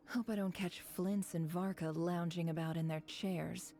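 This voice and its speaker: A self-assured game character who bosses her helper around with dry, teasing wit. Her voice sits low and mellow, with faint game music underneath. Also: fairly even intonation, slow pace. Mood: sardonic. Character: sardonic bossy woman employer, dry and self-assured. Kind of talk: video game voice acting.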